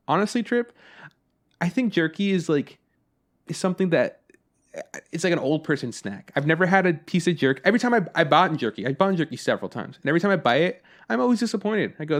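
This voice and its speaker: Animated young man telling stories. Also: on the high side, fast talker. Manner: animated storytelling, acts out both sides of conversations; swears casually. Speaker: podcast co-host. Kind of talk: casual chat.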